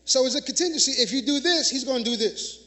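A man's voice: very high voice, animated, quick pace, a bit bright. A man preaching a sermon in a church, emphatic and conversational, using call-and-response with the congregation. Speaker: minister.

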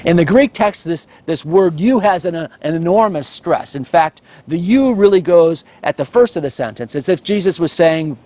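A middle-aged pastor preaches a sermon in a slightly high, very lively voice. He punches single words for stress and slips in friendly asides as he teaches. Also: normal speed. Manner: animated, stresses key words, asides with light laughter.

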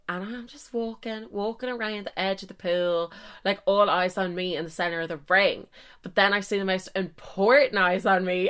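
A young adult woman, telling a story as a podcast host in a gushing, animated way, full of "like" and "so anyway". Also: lowish voice. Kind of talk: casual storytelling.

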